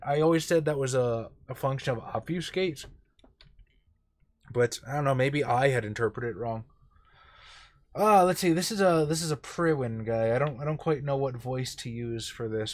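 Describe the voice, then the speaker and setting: A young man co-hosting a casual gaming stream, rambling about game rules and swearing casually. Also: a little high. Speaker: streamer and co-host.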